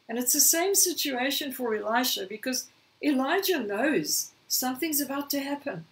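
A woman preaching a sermon, slightly hoarse, telling a scripture story and acting out the quoted lines. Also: high-pitched, lively intonation, measured pace, far from the mic, poor audio. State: slightly hoarse, clearing throat.

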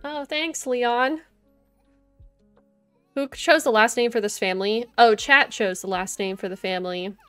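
Young woman streaming, kinda high voice, chatty + giggly, talks to chat and her sims. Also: unhurried, long pauses, clear, resonant tone. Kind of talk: casual gameplay chat. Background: soft game music.

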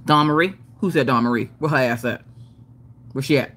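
A woman's voice: a bass voice, brisk, fairly bright tone, husky. A woman hosting a casual craft livestream, rambling and joking with chat, often laughing and swearing. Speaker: livestream host.

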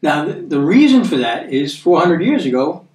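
A man with an American accent giving a conversational sermon, earnest, repeating words for emphasis and reading scripture slowly. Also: on the high side, big pitch swings, darkish tone. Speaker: preacher. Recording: echoey room, mic at a distance.

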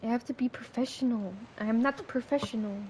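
A woman livestreaming a game with casual commentary, excitable, swearing often and breaking into laughs and panicky outbursts. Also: a little high, a little fast, slight background noise.

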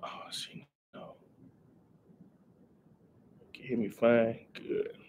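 A man's voice: mid-range voice, flat delivery, takes it slowly, darkish tone, slight background noise. A young man, rambling casually on a live stream and greeting viewers in chat. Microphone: headset.

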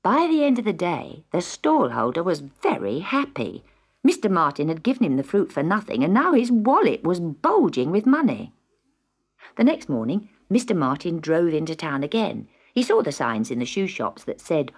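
Expressive woman reading a storybook. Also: fairly low pitch, moderate pace, breathy edge.

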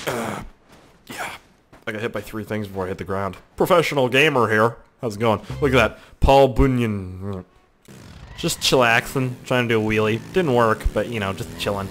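A man commenting on his own gameplay in a loose, rambling way, talking to himself about what happens on screen. His voice leaps all over the place, from low mutters to high yelps, with lots of swearing. The delivery is casual let's play commentary. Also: normal speed, vocal fry, slight background noise. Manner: excitable, yelps and laughs at crashes, heavy swearing. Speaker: gaming YouTuber.

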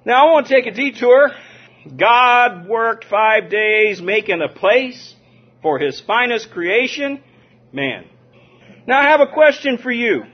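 A man from Southern California preaching a lively sermon, drawing call-and-response from his listeners and chuckling between points. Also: very high voice, slow. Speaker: pastor. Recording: dull lo-fi sermon recording.

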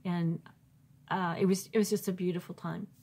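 A woman's voice: fairly low pitch, little pitch movement, moderate pace, warm tone, slightly rough. A Christian author, a woman, tells a personal faith testimony informally, with many fillers and restarts, and acts out her own past thoughts in raised, emphatic bursts.

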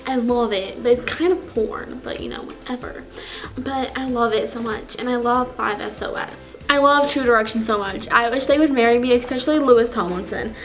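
A woman's voice: on the high side, normal speed, a bit bright, lightly acted, poor audio. A woman playing a giddy, clueless fangirl. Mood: gushing. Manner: giddy, rambling, gasping fangirl talk. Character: gushing, clueless teenage girl fake fan. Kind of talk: comedy sketch character.

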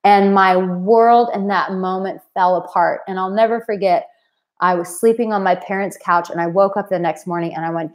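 A woman's voice: medium pitch, steady tone, moderate pace. A woman in her thirties or forties hosting a live stream as a dating coach, talking earnestly and from the heart to her viewers. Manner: earnest, heartfelt, emotional at times. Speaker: dating coach and channel host.

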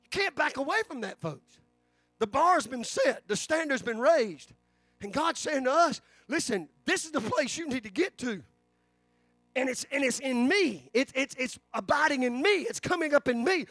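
A man's voice: very high-pitched, expressive, normal speed, fairly bright tone, no echo. A man, preaching a sermon in a church with fervent delivery and frequent restarts. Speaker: pastor. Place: church sanctuary.

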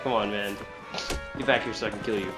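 A man commentating while he plays a video game, reacting with frequent excited outbursts and exclamations. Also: on the low side, quick pace, over loud music. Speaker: gamer. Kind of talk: gameplay commentary.

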